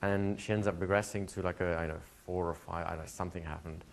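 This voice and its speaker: A man's voice: sits low, fairly even intonation, fast, vocal fry, a little hiss or hum. A man, a hypnosis instructor, answering a student's question in a live workshop, telling stories, laughing and acting out quoted dialogue. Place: training room with students.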